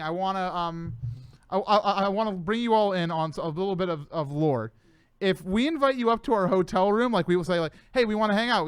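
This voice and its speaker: Excitable high-voiced male host. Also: clean tone, dry recording. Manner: excitable, laughs often. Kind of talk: casual chat.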